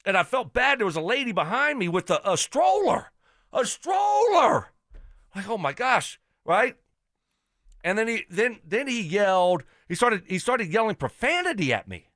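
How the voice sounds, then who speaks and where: A man hosting a sports radio show, telling a story in an animated, exasperated rant. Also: high voice, moderate pace, dry recording, clean studio sound. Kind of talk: casual radio chat.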